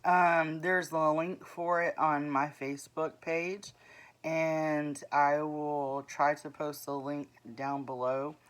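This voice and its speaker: A woman in her forties, an author, speaks slowly in a deep voice with little pitch movement. Her vlog update about her books is rambling, earnest and plain-spoken, full of ums and restarts.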